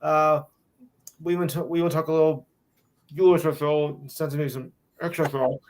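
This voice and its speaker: A man's voice: a little high, steady tone, moderate pace, darkish tone, a little hiss or hum. A man who hosts a podcast, promoting it in a casual chat, hesitant with many fillers. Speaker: podcast host.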